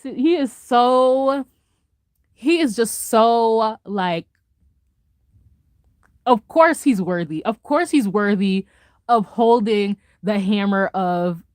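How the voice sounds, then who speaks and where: A woman vlogger in a casual reaction chat, gushing and excitable, laughing often and swinging between loud highs and soft mutters. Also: slow, pauses often, no echo, clean studio sound.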